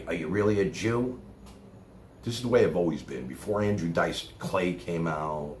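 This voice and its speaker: A man from Brooklyn with a New York accent, livestreaming a rambling monologue from his chair, swinging from loud outbursts to low mutters and cursing freely. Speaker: live streamer. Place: home room, seated in chair. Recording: roomy echo, faint background noise.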